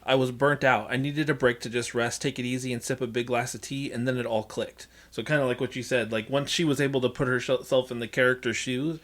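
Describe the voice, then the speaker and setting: A podcast co-host chatting casually, with a mid-range voice. They laugh easily and read passages aloud in a relaxed, reactive way. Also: medium pitch, a little fast, few pauses. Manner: laughs often, reads aloud from a review. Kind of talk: casual chat.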